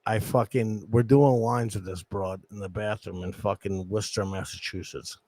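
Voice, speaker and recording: Profane, animated New man. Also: on the low side, moderate pace, dry recording. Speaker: podcast host. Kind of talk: crude casual storytelling chat.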